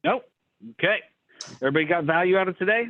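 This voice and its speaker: A middle-aged man leads a business mastermind over a video call, talking fast and emphatically, repeating himself and acting out little conversations. His voice sits a bit high. The sound is thin, phone-like and dry. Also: lively intonation, no echo. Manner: fast, emphatic, repeats words, acts out dialogue. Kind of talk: energetic coaching rant on a video call.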